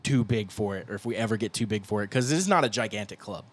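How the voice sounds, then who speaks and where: A man's voice: fairly low pitch, fast talker, dry recording. A young man co-hosting a podcast, talking in a loose, rambling, casual way and breaking into goofy slurred voices now and then. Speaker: podcast co-host, guitarist. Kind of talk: casual chat.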